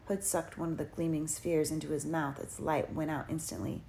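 A woman narrating a dark fantasy audiobook in a measured, dramatic storytelling manner. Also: deep voice, level tone, creaky, slight background noise. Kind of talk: scripted narration.

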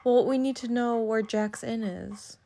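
A woman with a slightly high voice sits in on a horror game playthrough as the helper. She chats casually, laughs a lot and keeps pointing out where to go. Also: unhurried, vocal fry, mellow. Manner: laughs often, chatty, gives directions. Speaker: co-host helping the player. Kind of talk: casual let's-play chat.

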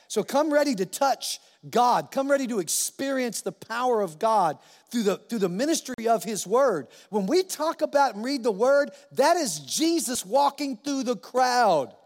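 High-voiced man preaching in a reverberant hall. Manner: impassioned, conversational preaching with quick restarts and acted asides. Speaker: pastor. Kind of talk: sermon. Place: church sanctuary. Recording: long reverb of a large hall.

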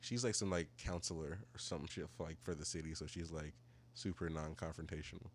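A man co-hosting a podcast, telling a profane story in casual chat and acting out the people he quotes in higher voices. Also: steady tone, brisk, a little hiss or hum. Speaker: podcast co-host.

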